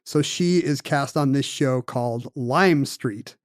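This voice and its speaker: A man co-hosting a podcast, telling a story in casual chat with quick asides. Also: mid-range voice, no echo, clean studio sound. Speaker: podcast co-host.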